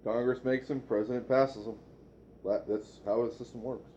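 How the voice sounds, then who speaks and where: Measured middle-aged man, faint noise. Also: mid-range voice, fairly even intonation, warm tone, lo-fi sound. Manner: measured, hesitant, repeats words. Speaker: co-host. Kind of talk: casual political chat.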